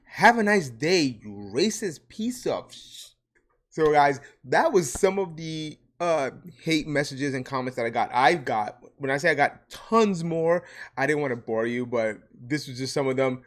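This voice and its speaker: A man's voice: fairly high pitch, normal speed. A man from Puerto Rico with a New York accent, answering hateful comments as a vlogger, sarcastic and mocking. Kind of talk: reacting to comments.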